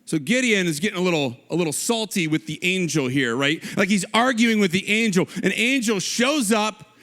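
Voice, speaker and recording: Brief: male pastor, high voice, casual and animated sermon delivery. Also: moderate pace. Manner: conversational storytelling, animated.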